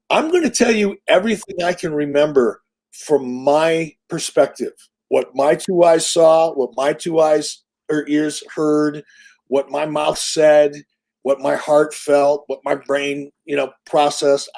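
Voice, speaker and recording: A creaky, slightly high male voice belongs to a man in his sixties being interviewed. He tells casual stories with animation, punch and plenty of swearing.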